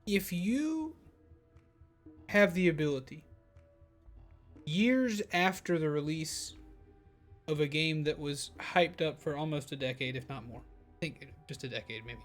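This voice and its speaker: A man chats casually during a live game stream, rambling and musing aloud. His delivery is full of hedges and bits of dry sarcasm. His voice sits a little high for a man, and clear game music plays behind him. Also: lively intonation, unhurried, long pauses. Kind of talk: casual chat while playing a game.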